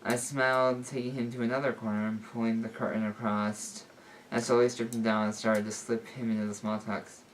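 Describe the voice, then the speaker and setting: A man's voice: mid-range voice, little pitch movement, brisk. Male amateur reader of a homemade story; loose, self-correcting delivery, distant mic, light background hiss. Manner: unpolished, stumbles and fixes his words. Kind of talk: reading fan fiction aloud.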